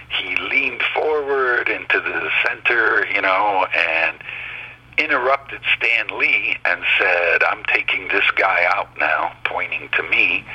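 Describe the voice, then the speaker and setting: A man's voice: low-pitched, sharp tone, breathy edge, poor audio. An older man being interviewed, telling candid anecdotes about his career in a blunt, emphatic way and swearing freely.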